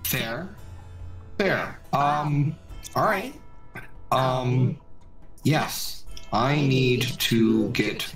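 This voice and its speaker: Slow-talking man playing a tabletop game. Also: mid-range voice, a bit bright, faint music behind, low-quality recording. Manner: joking, rambling. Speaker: player. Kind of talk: casual chat as a tabletop game player.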